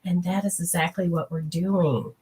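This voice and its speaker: Animated husky woman teaching spirituality. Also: on the low side, normal speed. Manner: animated, chatty, acts out quotes, swears casually. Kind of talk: live-streamed teaching talk to viewers.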